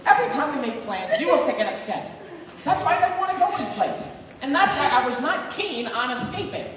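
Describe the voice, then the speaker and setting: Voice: medium pitch, very animated, normal speed, fairly bright tone. A student actor playing a bossy, sarcastic older married man who works as a caterer, in a live stage play. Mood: scolding. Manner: bickering, blustery, sarcastic. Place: school auditorium stage. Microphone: distant stage pickup. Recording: echoey hall from far off, noisy.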